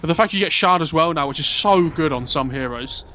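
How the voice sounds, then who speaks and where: A man's voice: fairly high pitch, a little fast, sharp tone. A man giving color commentary on a live esports match, chatty and explanatory, building up hype. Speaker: esports analyst caster.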